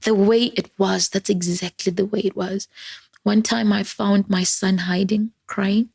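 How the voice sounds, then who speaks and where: A grieving woman, speaking softly and often near a whisper as she tells her personal story. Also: medium pitch, steady tone, unhurried, vocal fry, slightly rough, no room sound. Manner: soft-spoken, often close to a whisper, switching between English and Setswana. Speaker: interview guest.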